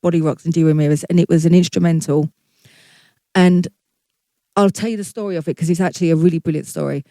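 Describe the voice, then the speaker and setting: A woman's voice: lowish voice, fairly even intonation, fast talker, dark tone, no room sound. A middle-aged woman, a guest singer, telling her career story in a candid, chatty way, swearing freely and acting out her past thoughts.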